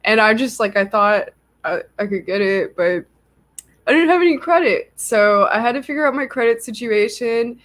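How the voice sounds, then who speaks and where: A woman's voice: on the high side, normal speed. A young woman hosting a livestream, telling a story casually with lots of "like" fillers. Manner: chatty, lots of "like" fillers, animated retelling. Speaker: livestream host.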